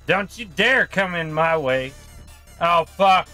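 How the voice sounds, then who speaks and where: A man streaming himself playing a game live, swearing and yelling angrily at the game between muttered asides to chat. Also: sits high, expressive, normal speed, soft background music. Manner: profane, ranting, yelling at the game. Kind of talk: live gameplay stream commentary.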